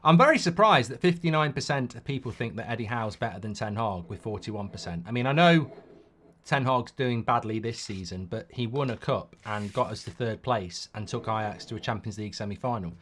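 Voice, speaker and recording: A middle-aged man hosts a live football watchalong at a middling pitch. He rambles through strong opinions and stumbles into quick restarts as his thoughts race ahead. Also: lively intonation, a bit bright, a little hiss or hum. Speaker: host.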